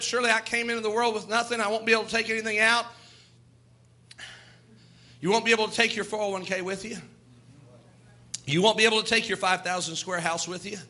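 A pastor preaches a sermon, reading scripture and urging his congregation to praise in a fervent, rhythmic delivery. His voice is high, pushed and bright.

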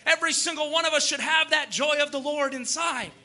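A young man preaching a sermon, fervent and at times shouting, then easing into joking asides. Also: very high voice, a little fast.

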